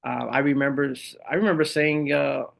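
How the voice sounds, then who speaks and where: A middle-aged man, a Marine veteran and speaker, telling his stories in an animated, conversational way as a podcast guest. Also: medium pitch, fairly quick, creaky. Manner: animated storyteller who acts out the voices of others. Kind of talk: conversational interview storytelling.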